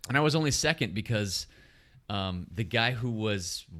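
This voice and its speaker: A man's voice: fairly low pitch, animated, normal speed, bright, forceful tone. A man co-hosting a podcast in casual chat, laughing often as he tells stories. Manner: laughs often while telling race stories. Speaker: podcast co-host.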